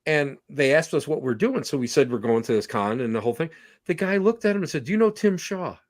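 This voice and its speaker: Telling stories quickly in a somewhat high voice, a man guesting on a podcast chats casually and brings his anecdotes to life by imitating the people involved. His delivery is animated.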